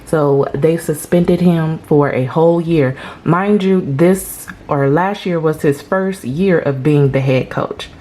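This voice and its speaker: A woman's voice: sits low, slow, hardly any pauses, warm tone. A woman hosting a celebrity gossip channel, chatting casually and emphatically with dramatic reactions.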